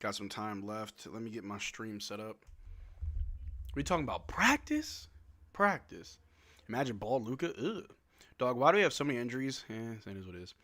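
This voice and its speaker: A young man from Louisiana hosting a casual livestream, chatting and answering viewers' questions with quick laughs. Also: lowish voice, fairly bright tone. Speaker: livestream host.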